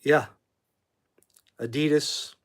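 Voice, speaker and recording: A man's voice: on the high side, steady tone, extremely slow. A man hosting a casual livestream from his phone, rambling about music and flaring up angrily at commenters in chat, swearing as he kicks them out. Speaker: livestream host.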